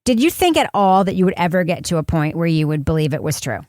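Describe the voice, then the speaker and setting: A woman's voice: on the low side, expressive, quick pace, a little mellow, dry recording, studio quality. A woman hosting a podcast in casual chat, talking in a rambling, chatty way with many restarts. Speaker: podcast host.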